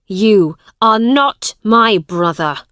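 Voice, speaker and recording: A woman's voice: medium pitch, animated, drawn-out words, fairly bright tone, no echo, studio quality. A woman reading the part of a grown man, a cold, hostile younger brother who speaks sternly in a raised voice. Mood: angry.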